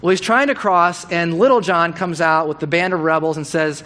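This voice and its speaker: A middle-aged man giving a sermon, telling a story in a casual, animated way and acting out the quotes. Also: a little high, normal speed, hardly any pauses.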